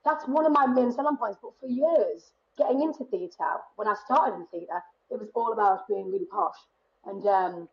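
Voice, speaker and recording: A woman's voice: fairly high pitch, lively intonation, fairly quick, dull audio. A woman in her thirties with a Northeast English accent, chatting animatedly as a podcast guest and laughing often. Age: 30s. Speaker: guest performer. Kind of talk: casual podcast chat.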